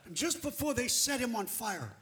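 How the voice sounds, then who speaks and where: A man preaching a sermon through an interpreter. He tells the story emphatically and builds to shouts. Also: very high voice, sing-song, normal speed.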